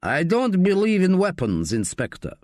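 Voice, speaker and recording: A man's voice: high-pitched, normal speed, no room sound, studio quality, pitched above the performer's own voice. A man putting on a clipped, menacing Eastern European bar owner. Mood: cool menace. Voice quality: clipped, deadpan. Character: cold wiry male bar owner, menacing.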